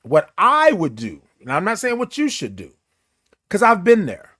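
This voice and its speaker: A man's voice: high-pitched, huge pitch swings, normal speed, fairly bright tone, dry recording, studio quality. A man hosting a motivational live stream, talking in a preachy way, repeating his phrases and greeting viewers in the chat. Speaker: host.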